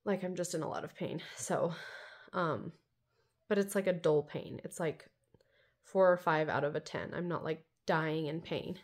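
A woman's voice: low-pitched, fairly even intonation, normal speed. A woman in her thirties chatting casually in a home vlog, rambling with lots of fillers. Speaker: vlogger.

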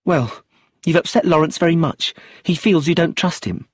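A man reading an audiobook, voicing a frantic young widow who screams and pleads in a high, desperate voice. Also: normal speed, dry recording, studio quality, lightly acted. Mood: sharp, accusing.

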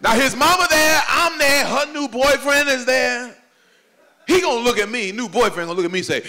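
Lively, gravelly-voiced male comedian. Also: very high-pitched, moderate pace. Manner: animated storytelling, shouting punchlines. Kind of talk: stand-up comedy. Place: church event hall before a live audience.

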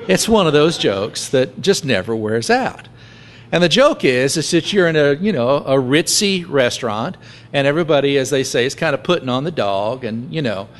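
A man pastor giving a conversational sermon, joking and acting out little scenes as he preaches. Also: medium pitch.

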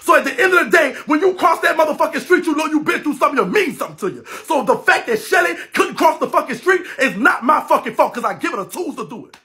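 Brash high-voiced New man ranting. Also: sing-song, fast talker, hardly any pauses. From New Orleans, Louisiana. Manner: brash, loud, laughing, heavy cursing. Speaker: livestream host. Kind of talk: profane livestream rant. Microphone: phone livestream.

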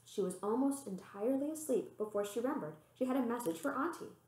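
Librarian, woman, storybook read-aloud, expressive, roomy echo. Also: quick pace. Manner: expressive, voicing the characters with pitch lifts.

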